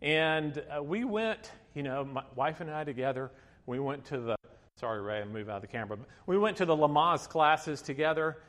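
Storytelling pastor in a reverberant hall. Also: male voice, a little high, lively intonation, fairly quick, a bit bright. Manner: storytelling, chatty with many fillers, laughing asides. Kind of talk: sermon with personal story.

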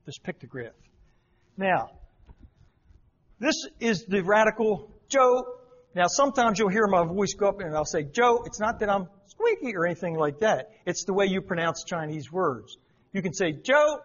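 Man, fairly high voice, folksy teacher at church, dull lo-fi sound. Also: a bit bright. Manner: folksy, repeats words for emphasis. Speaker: missionary teacher. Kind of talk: church talk explaining Chinese characters. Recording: dull lo-fi recording.

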